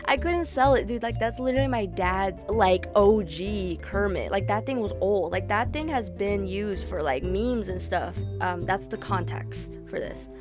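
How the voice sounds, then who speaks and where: A young woman tells her stories in a loose, chatty storytime vlog, tossing in "like" and "dude" and laughing between thoughts. Her pitch sits in the middle for a woman. Music plays clearly underneath her voice. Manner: chatty, animated, lots of "like" and "dude", laughs often. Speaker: artist vlogger.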